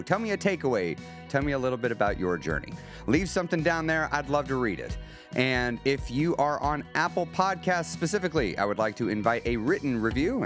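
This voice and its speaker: Man, podcast host, motivational coaching monologue, animated pitch, soft music underneath. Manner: earnest, coaching, rhetorical questions.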